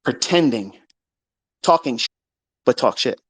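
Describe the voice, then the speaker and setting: Man, brash mocking rant, crude language, low mutters then loud bursts, dry sound. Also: expressive, unhurried, husky, no room sound. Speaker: trading educator. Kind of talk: profane rant.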